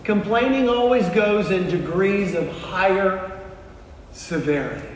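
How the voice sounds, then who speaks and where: A man giving a motivational keynote talk to a live audience, telling stories with punchy pauses and quizzing the crowd. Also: high-pitched, recorded from a distance, a little hiss or hum. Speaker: motivational speaker. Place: large hall with an audience. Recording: echoey hall, long reverb, faint ambience.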